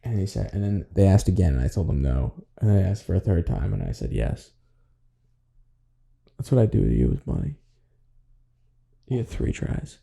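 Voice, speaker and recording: A man's voice: low voice, big pitch swings, normal speed, vocal fry, pauses often, dark tone, slightly rough. A young man co-hosting a podcast, chatting casually and rambling through stories with frequent laughs. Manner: rambling storyteller, laughs often. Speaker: podcast co-host. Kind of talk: casual chat.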